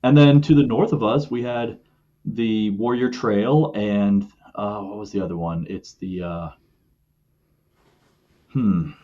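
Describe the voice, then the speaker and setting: A man's voice: on the low side, steady tone, slow, long pauses, muffled recording. A man from West Virginia, a podcast guest, explaining things thoughtfully and at length. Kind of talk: casual conversation.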